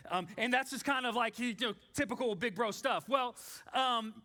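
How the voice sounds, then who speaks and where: A man, preaching a sermon in a church in a casual, animated storytelling way with many fillers. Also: extremely high pitch, normal speed. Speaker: pastor.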